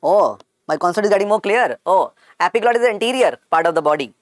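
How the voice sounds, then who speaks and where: A man with an Indian accent and a croaky voice, teaching an online medical lecture and repeating key points to his students. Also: high voice, expressive, fast talker, no echo, studio quality. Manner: repetitive, calls students "beta".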